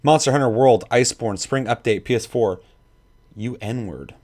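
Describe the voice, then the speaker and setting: A man's voice: mid-range voice, normal speed, darkish tone. A man streaming casually, swearing a lot and rambling at his chat as he sets up a video. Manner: profane, rambling, talks to chat. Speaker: gaming streamer.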